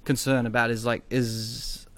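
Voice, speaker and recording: A man's voice: mid-range voice, flat delivery, unhurried, fairly bright tone, no echo. A man co-hosting a casual podcast chat, hesitant and full of fillers as he explains things. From Australia. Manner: hesitant, many fillers and restarts. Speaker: podcast co-host.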